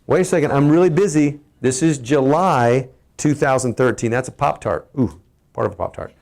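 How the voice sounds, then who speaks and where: Energetic man with a Texan accent. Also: mid-range voice, normal speed, gravelly. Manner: energetic, emphatic, asks the audience questions. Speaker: chiropractor giving family health talk. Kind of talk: casual health talk to patients.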